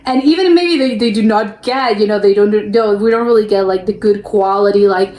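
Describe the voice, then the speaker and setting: A young American woman hosts a reaction video in a brisk, mid-range voice with a slightly mellow quality. Her casual, chatty commentary rambles, full of fillers and restarts, and she laughs easily. The room sounds echoey.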